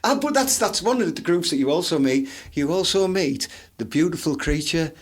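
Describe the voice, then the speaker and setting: A man's voice: fairly high pitch, lively intonation, moderate pace. A man with a Teesside accent co-hosting a podcast, telling crude, boisterous stories. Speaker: podcast co-host. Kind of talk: casual chat.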